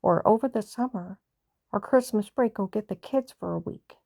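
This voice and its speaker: A woman's voice: mid-range voice, moderate pace, gravelly, warm tone, no room sound, studio quality. An older woman tells a family story in a plain-spoken, repetitive way, sighing now and then. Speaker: mother telling a family story. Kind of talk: personal storytelling.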